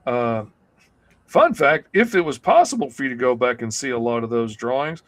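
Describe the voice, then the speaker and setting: A man's voice: medium pitch, lively intonation, moderate pace. A man co-hosting a casual comics livestream, telling self-deprecating jokes and stories. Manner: joking, self-deprecating storyteller. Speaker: comic artist co-host.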